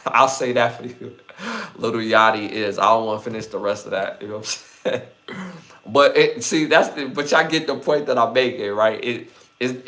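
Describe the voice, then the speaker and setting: A man with a Brooklyn accent hosting a live podcast, chatting loosely with viewers and repeating his phrases. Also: medium pitch. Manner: repeats phrases, gives shout-outs, loose slangy delivery. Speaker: podcast host.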